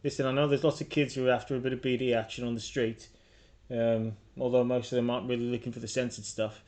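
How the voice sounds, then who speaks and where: A man's voice: medium pitch, little pitch movement, fast talker, darkish tone, natural voice. Shrewd street-dealer woman, as a man puts her on. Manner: easygoing, calls people mate.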